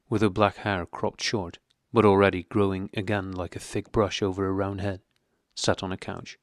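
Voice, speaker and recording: A man narrating an audiobook with a measured, even reading. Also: sits low, no echo, studio quality. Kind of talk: scripted narration.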